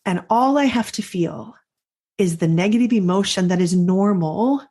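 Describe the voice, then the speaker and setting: A middle-aged woman hosting a coaching podcast, telling a personal story in an earnest, reflective way with pauses and restarts. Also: medium pitch, warm tone. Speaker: life coach and podcast host.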